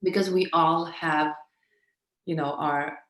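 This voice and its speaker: A woman's voice: sits low, steady tone, slow, fairly bright tone, reverberant. A woman guest in a casual conversation who often searches for words, with many fillers and restarts.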